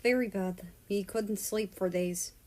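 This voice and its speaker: Woman playing a gentle, protective older father in a storybook reading, reassuring and soft-spoken; slow. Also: mid-range voice, steady tone, close to an everyday voice. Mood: tender.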